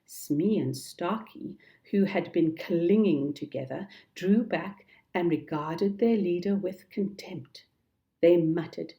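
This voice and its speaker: Slow, low-voiced woman storyteller. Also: warm tone. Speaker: storybook reader. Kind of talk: children's storybook narration.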